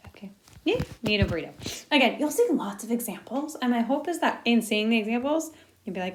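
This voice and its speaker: A young woman teaches a recorded lesson in a chatty, jokey way. Her voice sits a little high, and she mutters quiet asides to herself as she writes. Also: very animated, fast talker. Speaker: Spanish teacher.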